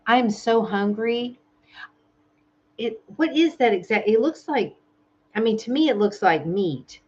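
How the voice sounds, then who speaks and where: A soft-spoken woman with a Southern American drawl chats easily with her viewers during a home live stream. She talks warmly and a little emotionally. The stream audio sounds slightly dull. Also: a little high, expressive, a little slow, breathy edge. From Southern United States. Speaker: ASMR channel host. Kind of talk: casual live-stream chat. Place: home in Thailand.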